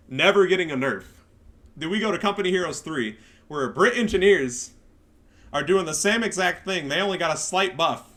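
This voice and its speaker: A man ranting in game commentary, sarcastic and profane, swinging up into shouts. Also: fairly high pitch, expressive, normal speed. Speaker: gaming video creator.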